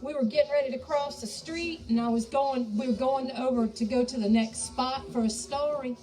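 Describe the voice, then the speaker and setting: A woman's voice: high-pitched, normal speed. A woman chatting folksily to viewers as she cooks soup in her home kitchen. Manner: folksy, talks to viewers as y'all. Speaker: home cook and ghost tour guide. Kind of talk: chatty cooking video. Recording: distant mic, music playing behind.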